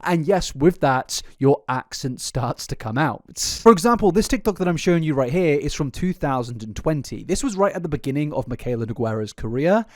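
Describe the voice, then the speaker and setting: A man narrating casual commentary with a lively, swooping delivery that rises and falls a lot. His voice sits a little high for a man. The close mic sounds dry, with no room around it. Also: a little fast, few pauses, no room sound. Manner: animated, stumbles over names, laughs now and then. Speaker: YouTube commentary host.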